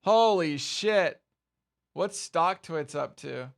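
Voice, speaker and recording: A young man livestreaming, reacting to market swings with swearing, laughter and excited exclamations. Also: fairly high pitch, slow pace, gravelly. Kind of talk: excited live stream commentary.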